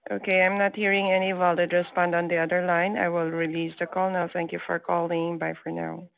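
A woman answers a reservations line, her low voice flat and even over a tinny phone connection. She stays patient and sticks to the script. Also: fairly quick, creaky. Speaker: reservations agent. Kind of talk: customer service call.

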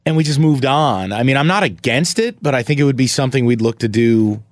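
A man's voice: medium pitch, fairly quick, no echo, studio quality. Blunt, profane male podcast host. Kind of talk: casual sports podcast chat.

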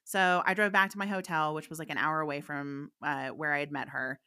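A woman's voice: low-pitched, steady tone, brisk, bright, forceful tone, smooth. A woman, a psychic medium guest, telling a story in a candid, chatty way and laughing often. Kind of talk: casual anecdotal storytelling.

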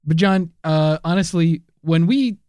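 A man with a fairly high voice trades deadpan, absurd jokes on a comedy podcast, chuckling between lines. The sound is close and dry, with no room around it. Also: measured pace, smooth, no room sound. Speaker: podcast co-host. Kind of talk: improvised comedy banter.

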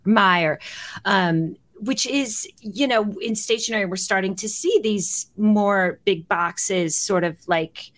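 A woman hosting a podcast interview, talking in a friendly, rambling way with many ums and small laughs. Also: lowish voice. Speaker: podcast host.

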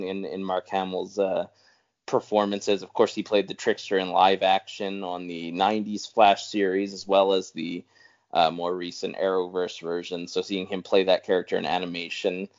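A man's voice: sits low, a little mellow, muffled recording. A man co-hosting a podcast in casual chat, rambling with restarts and chuckles. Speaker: podcast co-host.

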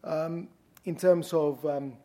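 Male academic, Greek accent, warm low-key delivery, deliberate lecture pace with ums. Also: fairly even intonation. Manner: measured, deliberate, frequent ums. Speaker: guest lecturer. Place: university lecture hall.

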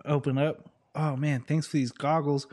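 A man's voice: fairly high pitch, level tone, normal speed, darkish tone. Rambling, joking man in casual chat. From Southern United States. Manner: rambling, joking, trails off with fillers. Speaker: podcast co-host.

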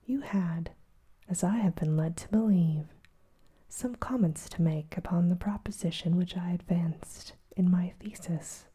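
A woman voicing a gruff, furious older male professor in a whispered role-play, growling and insulting. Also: lowish voice, unhurried, warm tone. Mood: scornful.

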